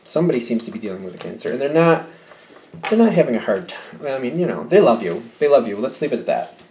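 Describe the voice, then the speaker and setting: A man's voice: medium pitch, big pitch swings, quick pace, a little mellow, slight background noise. A man giving a casual tarot reading, musing aloud and often correcting himself with short hesitations. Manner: musing, hesitant, self-correcting, with light laughs. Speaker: tarot reader. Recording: echoey room.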